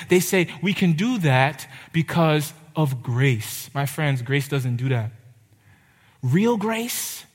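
A young man preaching a sermon, urgent and impassioned, with dramatic pauses. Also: high-pitched. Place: church hall. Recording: reverberant hall.

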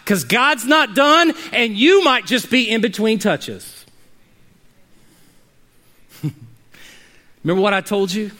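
A male preacher delivering a sermon, telling stories with dynamic swings from quiet to shouting. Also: high voice, lively intonation, slow pace, pauses often. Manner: dynamic storytelling, rising to shouts at climaxes.

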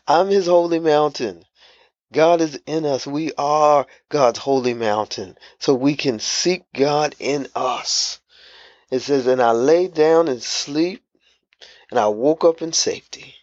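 A man preaching a devotional sermon, slow and emphatic, repeating key phrases. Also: on the high side, darkish tone, no room sound, lo-fi sound.

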